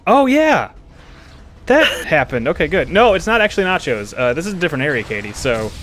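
A man's voice: on the high side, lively intonation, quick pace, a bit bright, slight background noise. A man streaming a video game, chatting casually and joking, laughing often as he plays.

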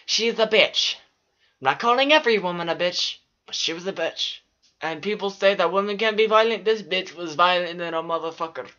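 A man's voice: high-pitched, fairly quick, pushed and bright, muffled recording. A man telling profane, rambling stories from childhood in a casual vlog. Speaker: vlogger. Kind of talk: casual storytelling.

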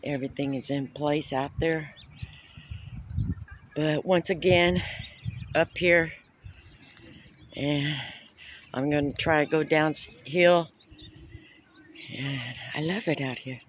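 A man vlogging casually while hiking up a steep hill, excited and out of breath. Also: a little high, slow, pauses often. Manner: excited, exclaiming often. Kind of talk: casual walking vlog. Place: outdoors on a steep hillside. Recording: outdoor wind and ambient noise. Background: birds and open-air noise.

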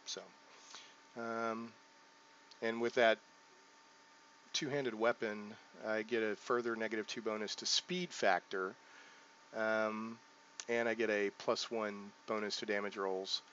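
A man with a lowish voice talks through a game's character setup in relaxed let's play commentary, thinking aloud, pausing on ums and correcting himself. The recording sounds dull and lo-fi, with a faint hiss underneath. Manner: thinks aloud while clicking through menus, frequent ums and self-corrections. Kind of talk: casual gameplay commentary.

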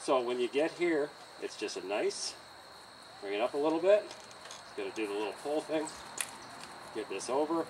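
A man teaching horse handling outdoors by a trailer, in a calm coaching manner with frequent okays and chuckles. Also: mid-range voice, normal speed, pauses often, far from the mic, background noise. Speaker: horse trainer. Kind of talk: hands-on training demonstration.

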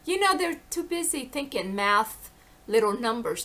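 A woman's voice: a little high, very animated, normal speed, sharp tone. A woman vlogging in a casual, rambling monologue, talking animatedly, drifting between topics and often slipping into quoted voices. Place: lives in the American South.

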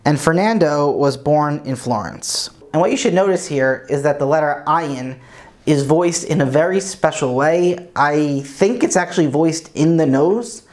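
A man's voice: on the high side, lively intonation, unhurried, darkish tone. A man teaching a lesson, patiently explaining pronunciation step by step. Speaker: Hebrew teacher.

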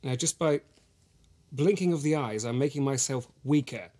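A man's voice: medium pitch, normal speed, warm tone, lightly acted. An actor playing a pretentious, self-regarding male actor, talking earnestly in a mock documentary interview. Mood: recounting. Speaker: actor in the series.

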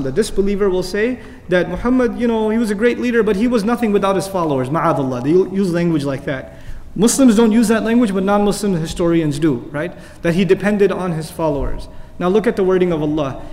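A man teaching a Quran commentary lecture, speaking emphatically and reciting Arabic verses between explanations. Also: sits high. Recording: long hall reverb.

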